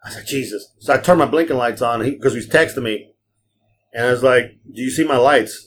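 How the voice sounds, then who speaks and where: A man's voice: medium pitch, brisk, a bit bright, a little hiss or hum. A man hosting a podcast, telling long profane stories in a casual chat and acting out the people in them. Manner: profane, rambling anecdotes; acts out quoted people. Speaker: podcast host and rideshare driver.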